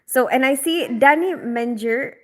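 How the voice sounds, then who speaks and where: A woman's voice: high voice, unhurried. A woman, hosting a casual livestream and reading viewers' comments aloud, chatty and rambling with frequent laughs. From Philippines. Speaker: livestream host.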